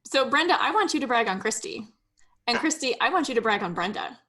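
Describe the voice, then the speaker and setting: A woman's voice: a little high, animated, quick pace, pushed and bright. A woman hosting a podcast, introducing her guests with eager enthusiasm in a casual chat. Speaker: podcast host.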